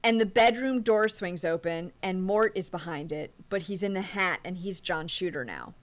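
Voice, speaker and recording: A woman co-hosting a movie podcast, walking through the plot scene by scene in a casual, animated way. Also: on the low side, moderate pace. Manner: recaps plot in detail, animated. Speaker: podcast co-host.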